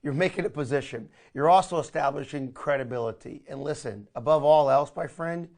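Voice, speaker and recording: Energetic man coaching a marketing class. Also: on the high side, brisk, creaky. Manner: energetic, coaching, addresses listeners as "my friend". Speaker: online marketing trainer. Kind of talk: live training session.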